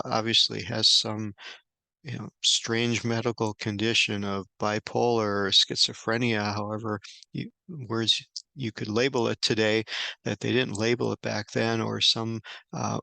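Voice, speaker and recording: A man giving an unscripted Bible study lesson indoors, halting often with fillers and restarts. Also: on the low side, creaky, bright, forceful tone, no echo. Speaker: Bible teacher.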